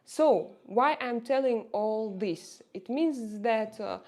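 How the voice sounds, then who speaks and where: A woman's voice: a little high, takes it slowly, darkish tone. A woman in her forties with a Russian accent, talking casually to her livestream viewers, hesitating often with fillers and restarts. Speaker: livestream host.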